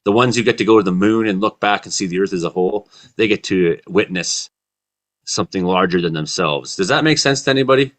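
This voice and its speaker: Man, fairly low voice, casual rambling chat, deadpan storytelling. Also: fairly quick. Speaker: comedy weather show host.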